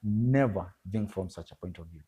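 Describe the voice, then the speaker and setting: A man's voice: low voice, moderate pace, warm tone, husky. A man speaking as a guest photographer in a casual interview, emphatic and repetitive, calling the listener bro. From Kenya. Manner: emphatic, repeats words, addresses listener as bro.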